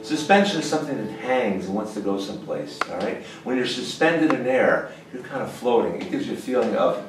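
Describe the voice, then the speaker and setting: Guy giving a laid-back guitar lesson, folksy, gets excited now and then, sounds far off in a big echoey room. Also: mid-range voice, brisk, hardly any pauses. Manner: folksy, lively, bursts into exclamations. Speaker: guitar teacher. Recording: roomy sound from a distant mic.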